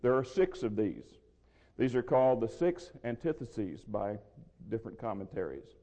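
A man teaching through a Bible passage verse by verse, measured and explanatory, with a dry throat he soothes with water. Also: medium pitch, sing-song, warm tone. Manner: measured, explanatory, restarts phrases. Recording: lo-fi with long hall reverb.

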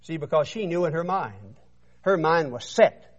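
Male preacher, high voice, emphatic storytelling sermon, dull lo-fi recording. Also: big pitch swings, unhurried.

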